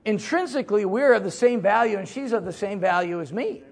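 A middle-aged man preaching a sermon as pastor, folksy and joking, swinging from loud emphasis to low asides. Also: expressive, brisk.

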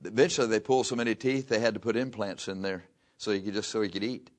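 Older preacher with a low voice. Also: male voice, steady tone. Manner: slow, drawn-out scripture reading mixed with chatty anecdotes. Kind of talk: folksy sermon on scripture.

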